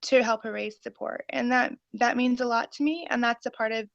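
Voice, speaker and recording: A woman in her forties gives an eager, rambling testimony, full of fillers, in a somewhat high voice. The sound is dull and lo-fi and completely dry, with no room around it. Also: fairly even intonation, a little fast, creaky, a bit bright, no room sound. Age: 40s. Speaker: caller giving a testimony. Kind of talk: personal testimony on a call.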